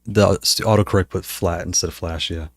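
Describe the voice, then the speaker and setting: Deep-voiced man rambling on a live stream. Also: fairly even intonation, fast, dry recording, studio quality. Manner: rambling, thinks aloud, frequent restarts. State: slightly hoarse. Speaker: streamer talking to chat while playing. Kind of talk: casual live-stream chat.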